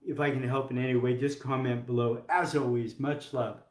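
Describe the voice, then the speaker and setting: Male health coach, casual and joking, middle pitch, roomy echo. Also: level tone, moderate pace, a little mellow. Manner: casual, joking, acts out examples. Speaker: health coach teaching doctors. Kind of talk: live-streamed coaching talk.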